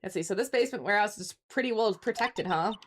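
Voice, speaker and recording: A woman's voice: mid-range voice, fast, close to an everyday voice. A woman voicing a dry, matter-of-fact young male defense lawyer in a game read-along.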